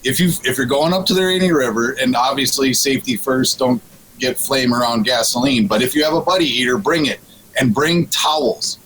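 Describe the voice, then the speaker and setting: A man's voice: mid-range voice, brisk, fairly bright tone, a little hiss or hum, poor audio. A man guesting on a radio show, telling a fishing story in casual chat, with frequent restarts and laughs. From Minnesota.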